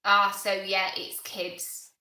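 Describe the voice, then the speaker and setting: A woman's voice: mid-range voice, completely flat delivery, slow pace, pushed and bright, echoey room, poor audio. A woman with a Bristolian accent, hosting a casual gardening live stream, chatting on and thanking viewers by name. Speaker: gardening channel host.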